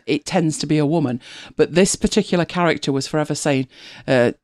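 A woman's voice: sits low, a little fast, darkish tone, dry recording, clean studio sound. A middle-aged woman chatting casually as a podcast co-host, laughing often and telling stories with animation. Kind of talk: casual chat.

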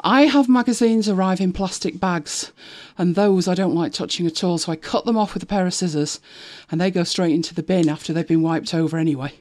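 A woman streaming live from her home, chatting casually with viewers. She laughs often and jumps to a high, sing-song voice for her dog. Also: a little fast, hardly any pauses, a little mellow. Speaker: vlogger.

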